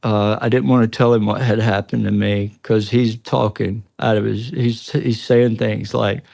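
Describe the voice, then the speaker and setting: A man's voice: fairly low pitch, little pitch movement, a little slow, gravelly, hardly any pauses, a little mellow, no room sound. A man, a guest on an interview show, earnestly recounting a tense personal experience, often breaking off and restarting. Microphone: studio podcast mic.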